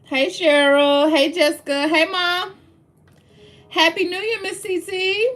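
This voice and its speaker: A woman's voice: very high voice, steady tone, slow, a bit bright, slight background noise. Chatty woman host greeting viewers. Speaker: livestream host. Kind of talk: casual livestream chat.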